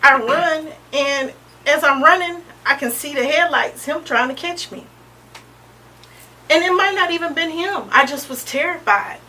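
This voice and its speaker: A woman in her thirties, an interview guest sharing a personal testimony in a halting, earnest way, often pausing with "um" and restarting. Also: high voice, bright, forceful tone. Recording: distant mic with faint background noise.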